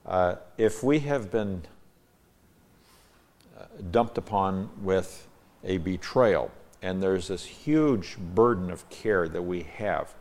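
A man's voice: low-pitched, animated, takes it slowly, a little mellow. A man reading a psalm aloud with brief word notes, then teaching on it, his reading rising to sudden emphatic stresses. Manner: reads verses with sudden emphatic rises, explains in asides. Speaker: Bible teacher.

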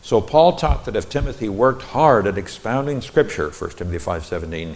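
A middle-aged man preaching an expository Bible lesson in a deliberate, explanatory way, with folksy personal asides. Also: deep voice, darkish tone, slight background noise.

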